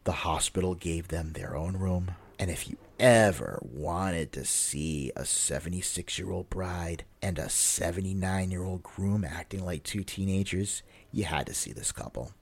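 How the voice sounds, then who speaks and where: A man hosting a podcast, reading a story aloud in a steady, measured way and closing the episode. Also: low-pitched, husky. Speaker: podcast host.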